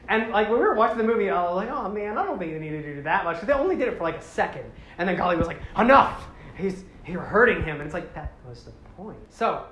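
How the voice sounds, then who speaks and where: Rambling man in an echoey room. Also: a little high. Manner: rambling, self-correcting, acts out quotes with sudden loud outbursts. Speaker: podcast host. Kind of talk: casual retelling of a movie plot. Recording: roomy echo with faint background noise.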